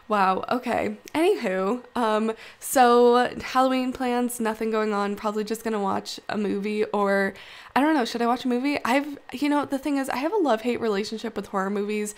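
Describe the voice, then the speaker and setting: A woman's voice: on the high side, fairly even intonation, normal speed. A woman in her twenties with a groggy morning voice, chatting in a rambling, self-deprecating way full of fillers over a video. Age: 20s. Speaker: video creator. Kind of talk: casual chat voice-over.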